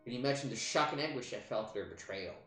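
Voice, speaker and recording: Brief: bitter disgraced lancer villain read by a man, theatrical and sneering, mid-pitched, roomy sound. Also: expressive, racing, a bit bright, faint music behind, lightly acted. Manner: theatrical, scornful read-aloud.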